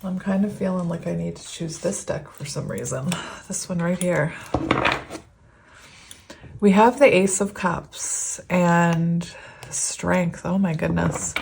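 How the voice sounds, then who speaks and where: A woman's voice: on the low side, takes it slowly, gravelly, noisy background. Rambling, giggly woman tarot reader. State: teary, on the verge of crying. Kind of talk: casual tarot reading to camera.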